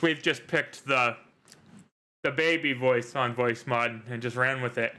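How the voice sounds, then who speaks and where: A man's voice: medium pitch, level tone, unhurried, pushed and bright. A man hosting a live tabletop role-playing stream as game master, joking and rambling with fillers.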